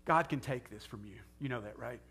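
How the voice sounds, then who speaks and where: A man's voice: mid-range voice, brisk, fairly bright tone. A middle-aged man preaching as a pastor in an earnest, conversational way that rises to fervent prayer. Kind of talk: sermon and closing prayer.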